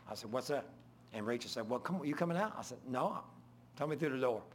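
An older man preaching an informal sermon, full of folksy stories and swinging between loud and hushed. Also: medium pitch, fairly quick, pauses often, slight background noise.

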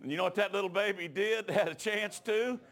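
A high-pitched middle-aged man with a drawl delivers a sermon. He tells the story in a plain, folksy way, then climbs into loud, shouted exhortation. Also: fairly quick, crowd noise. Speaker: preacher.

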